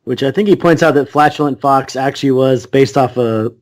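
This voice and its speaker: A man's voice: mid-range voice, brisk. A man co-hosting a podcast, chiming in with jokes during casual chat. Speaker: podcast co-host.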